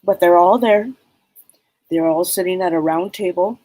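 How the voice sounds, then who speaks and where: A woman giving a live spirit reading as a psychic medium, rambling and halting with many fillers. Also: lowish voice, dark tone, no echo, rough recording.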